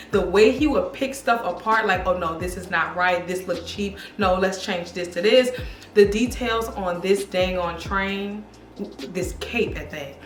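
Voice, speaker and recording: Chatty excited woman in an echoey room. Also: mid-range voice. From Louisiana, USA. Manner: chatty, excited, addresses viewers as y'all and girl. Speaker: fashion vlogger. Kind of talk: casual fashion commentary. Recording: echoey room with faint music.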